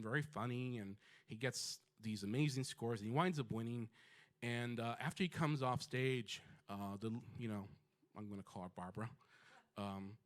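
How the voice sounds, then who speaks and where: A man telling his own story to a live audience at a mid-range pitch. He talks conversationally, with plenty of ums and you-knows, and his voice lifts and drops as the story moves. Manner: conversational, lively, with many fillers. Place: storytelling stage before an audience.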